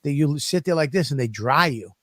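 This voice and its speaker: A man's voice: a little high, animated, fairly quick, a bit bright, no echo. A man co-hosting a podcast, telling crude stories in a rambling, profane way. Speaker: podcast co-host. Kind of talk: casual comedic chat.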